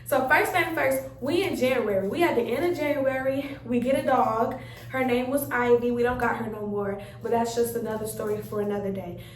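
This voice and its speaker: A young woman, telling a story in an animated, chatty way and acting out her own reactions. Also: fairly high pitch, fairly quick. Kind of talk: casual storytime chat. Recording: roomy sound, mic a bit far off.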